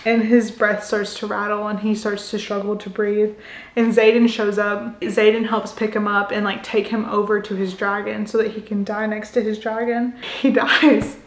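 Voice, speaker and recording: Young woman, casual book recapper, chatty, filler-heavy, mid-pitch, echoey room. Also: flat delivery, moderate pace.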